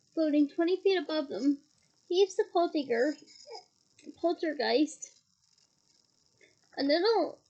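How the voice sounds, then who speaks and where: A woman's voice: sits high, a little mellow, muffled recording. A woman reading a novel aloud expressively, with small slips and asides. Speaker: reader.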